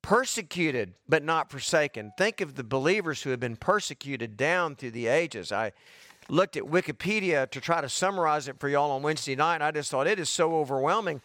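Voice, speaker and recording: A pastor preaches in a folksy, conversational way, building to emphatic repeated lines. His voice sits a bit high and sounds slightly worn and short of breath. The sound is close and dry. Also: lively intonation, fairly quick, fairly bright tone, no echo. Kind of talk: sermon.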